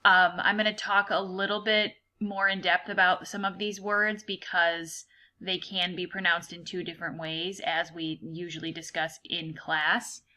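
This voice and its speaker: A woman's voice: fairly low pitch, level tone, pushed and bright. A woman teacher recording a reading fluency lesson for her students, patiently explaining how to pronounce words. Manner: patient, explains pronunciation slowly and clearly.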